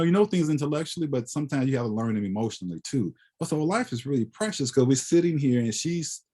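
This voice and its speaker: A man's voice: mid-range voice, dark tone. A man giving a reflective, conversational lecture as a guest photographer, often tagging his points with "right?". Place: lecture hall.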